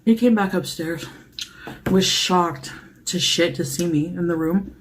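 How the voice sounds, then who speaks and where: Eating as she talks, a thirty-something woman vlogger tells a blunt, meandering story about herself and chuckles at herself along the way. Her voice is lowish and unhurried, with a slight hiss or hum underneath.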